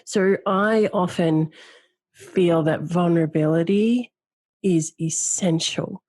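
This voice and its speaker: A woman with a low voice hosts a heartfelt podcast chat. She talks earnestly and reflectively, leaning on key words. Her voice sits close and dry, with no room sound around it. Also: slow pace, a little mellow, no room sound. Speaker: podcast host. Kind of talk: emotional podcast conversation.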